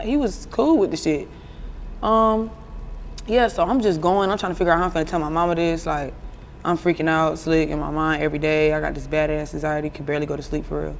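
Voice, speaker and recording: A woman's voice: deep voice, fast talker, a little hiss or hum. A woman in her twenties with an Atlanta accent, telling stories bluntly and profanely as an interview guest. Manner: blunt, profane, animated storyteller. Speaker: rapper guest. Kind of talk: casual interview storytelling.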